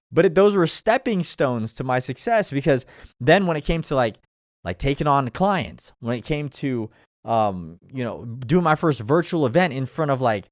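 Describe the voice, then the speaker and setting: A man's voice: a little high, no echo, clean studio sound. A man hosting his own show, giving a blunt, profane motivational talk and laughing often. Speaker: podcast host. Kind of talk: motivational monologue.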